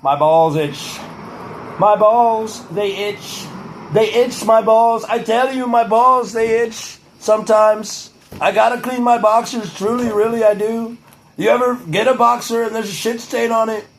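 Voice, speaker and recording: A man's voice: high voice, fairly even intonation, voice pushed up, rough recording. Guy doing a blustery bragging old politician voice, keeps saying very very, slight hiss in the background. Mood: rambling. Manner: repetitive superlatives, drawn-out emphasis. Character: boastful older male politician, blustery.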